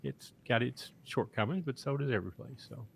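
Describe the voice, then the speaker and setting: A man's voice: mid-range voice, a little fast, gravelly, husky, dry recording. A man co-hosting a podcast in casual chat, who teases and good-humoredly corrects his partner. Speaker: podcast co-host.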